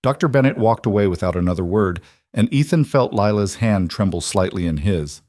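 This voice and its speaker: Brief: male storyteller, low, measured, dry close mic. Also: expressive, darkish tone, no echo. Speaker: narrator. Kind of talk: scripted story narration.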